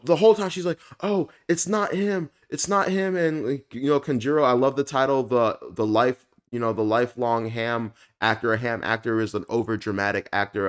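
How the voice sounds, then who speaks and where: A man giving a casual, animated review, full of fillers and the odd curse when frustrated. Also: on the low side, clear, resonant tone. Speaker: anime reviewer.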